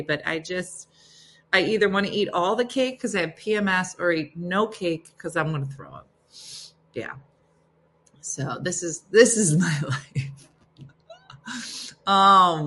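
A woman's voice: lowish voice, fairly bright tone. A woman hosting a casual livestream, chatting and reading viewer comments aloud, chatty and self-deprecating with frequent laughs. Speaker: livestream host.

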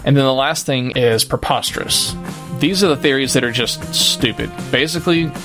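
A man co-hosting a podcast, calmly explaining in casual chat. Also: mid-range voice, normal speed, over music. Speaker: podcast co-host.

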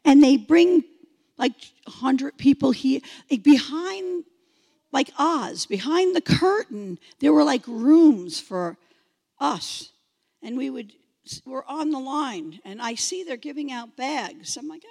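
Woman, high voice, slow-paced testimony storytelling, hall reverb. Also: creaky. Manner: animated, acts out quoted voices. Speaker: testimony speaker.

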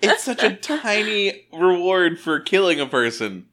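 A man on a comedy podcast talking casually, animated and often laughing. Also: high voice. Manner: animated, laughing, quick to sidetrack. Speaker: podcast co-host.

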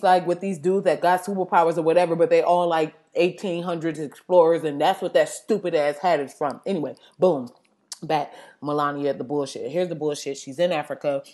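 A woman ranting in blunt, sassy, profanity-filled casual talk, with sudden loud outbursts. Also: fairly low pitch, fairly quick.

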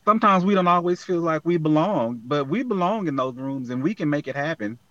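A man's voice: fairly high pitch, expressive, brisk, bright, forceful tone, dry recording, muffled recording. A man speaking as a guest in a casual interview, earnest and motivational, talking from the heart. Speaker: guest, app founder.

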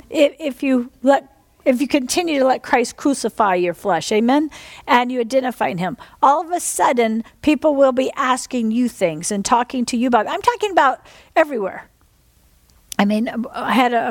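High-voiced woman preaching. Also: no room sound. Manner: animated, swings from hushed storytelling to rising exhortation. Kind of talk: sermon.

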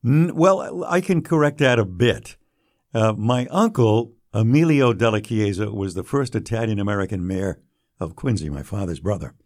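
An older man, a radio broadcaster recalling his early career in an unhurried, anecdotal interview manner. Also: on the low side, animated. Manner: warm anecdotal storytelling, drops quietly for quoted lines. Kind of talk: storytelling interview.

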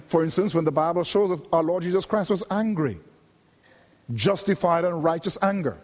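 High-voiced preacher in a reverberant hall. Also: male voice, darkish tone. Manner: measured, emphatic preaching with repeated phrases. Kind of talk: sermon.

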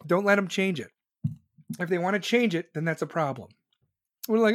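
A man from the United States rants with heat and heavy profanity, lecturing his listeners and hammering the same points again and again. His voice sits high for a man. The recording is dry and close. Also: a little fast, fairly bright tone, no echo. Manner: heated, profane, repetitive, lecturing. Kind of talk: profane political rant.

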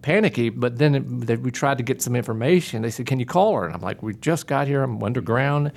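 A man's voice: medium pitch, lively intonation, fairly quick, vocal fry. A man, a podcast guest, telling a story with self-mocking humor. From United States. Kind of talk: casual storytelling.

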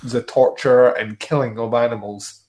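A man's voice: medium pitch, fairly even intonation, normal speed, a little mellow. A man co-hosting a podcast who adds wry commentary and laughs often. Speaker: podcast co-host. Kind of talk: casual chat.

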